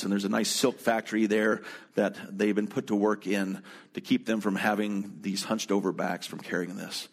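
A man preaching a sermon as a pastor, telling a travel story in a conversational way and turning to speak directly to his congregation in the room. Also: lowish voice.

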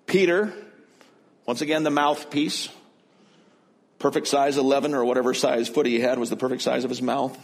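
A man's voice: medium pitch, steady tone, normal speed, gravelly, long pauses. A male pastor preaching a sermon in a conversational way, retelling and explaining the passage with frequent restarts and self-corrections.

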